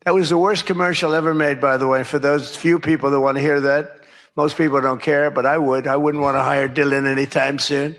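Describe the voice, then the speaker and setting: A man's voice: fairly high pitch, steady tone, fairly quick, fairly bright tone. A man giving a rambling, boastful after-dinner speech at a podium microphone, drifting between anecdotes and acting out the lines of people he quotes. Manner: boastful, digressive, acts out quoted dialogue.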